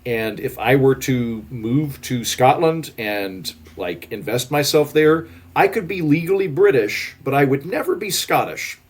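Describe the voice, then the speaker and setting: A man's voice: mid-range voice, lively intonation, a little slow, few pauses, breathy edge. Chatty man rambling with "like". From Oklahoma, United States. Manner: chatty, rambling, filler-heavy with "like" and restarts. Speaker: guest author. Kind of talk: casual podcast conversation.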